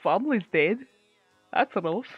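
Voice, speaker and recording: A woman playing a hardened young man, the sole survivor of his village, who speaks bluntly and flatly. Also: mid-range voice, normal speed, breathy edge, no echo, faint music behind. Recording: dull lo-fi sound.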